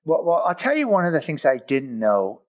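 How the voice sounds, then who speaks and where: A man speaking as an interview guest, measured and plain-spoken. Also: on the high side, wildly swooping pitch. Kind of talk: casual interview.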